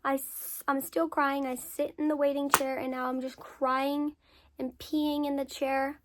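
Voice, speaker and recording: Young female creator, high voice; casual, candid storyteller who curses and repeats for emphasis. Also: measured pace, noisy background. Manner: candid and frank, swears freely; lively storyteller with emphatic repetition. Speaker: content creator answering follower questions.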